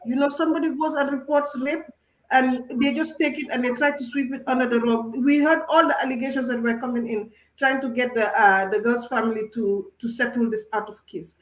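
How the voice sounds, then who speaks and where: A woman arguing passionately in a discussion, emphatic and forceful, slipping into Wolof phrases. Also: high-pitched, fairly even intonation, a little fast, roomy sound, rough recording. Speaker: discussion panelist.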